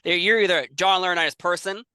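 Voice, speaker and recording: Very bright-voiced male interviewer. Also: high-pitched, fast talker, smooth, no room sound. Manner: rambling, restarts questions. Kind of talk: casual interview questions.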